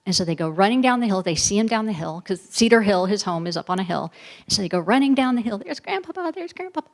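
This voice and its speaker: A middle-aged woman historian, a guest speaker who answers audience questions with animated, emphatic storytelling and asides. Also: mid-range voice, quick pace.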